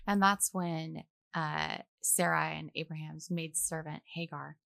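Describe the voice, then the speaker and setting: A young adult woman, a guest on a faith podcast, talking in a casual, animated way and acting out the voices she quotes. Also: low-pitched, a little slow, gravelly, no room sound, clean studio sound. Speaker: guest, actress.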